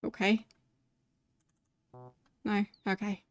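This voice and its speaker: A woman streaming a retro role-playing game, reading its text aloud and adding wry, sarcastic asides in a quiet, muttered voice. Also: mid-range voice, little pitch movement, drawn-out words, lo-fi sound.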